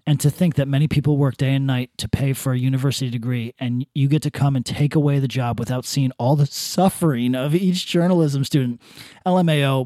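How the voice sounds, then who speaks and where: A man's voice: mid-range voice, a little mellow, no room sound, studio quality. A man co-hosting a casual podcast, reading online comments aloud and mocking them with profanity. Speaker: podcast co-host.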